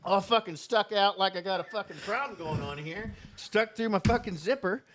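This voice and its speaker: A man with a high, fairly bright voice and a Southern Indiana accent speaks at normal speed. As a podcast co-host, he rambles through a long comic story in casual fashion, cursing freely.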